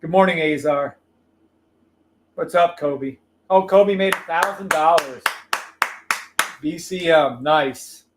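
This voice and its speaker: High voiced guy yelling trade calls on a live stream, swearing a lot, super hyped. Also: takes it slowly, pauses often, noisy background. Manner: excitable, profane, shouting trade calls. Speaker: livestream trading host. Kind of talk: live trading stream commentary.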